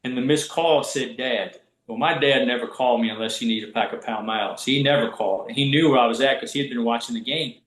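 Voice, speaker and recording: A man's voice: mid-range voice, fast talker, few pauses, echoey room, poor audio. A man, a college basketball referee telling stories in a casual podcast chat, acting out the voices of the people he quotes. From Southwest Virginia. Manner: animated, acts out quoted voices. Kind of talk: casual storytelling.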